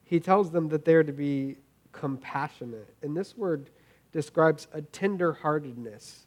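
A man's voice: on the high side, a little slow, a little mellow. A man in his thirties giving a conversational sermon as a pastor, earnest and informal, often repeating words as he thinks aloud.

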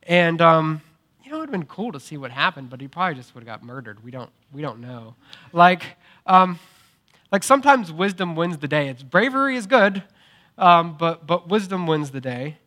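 A young adult pastor preaches in a loose, conversational way. His fairly high voice rises and falls a lot as he retells the story. He keeps it informal and lively, acting out the people in it. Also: normal speed. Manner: casual, animated storytelling with acted quotes. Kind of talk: sermon.

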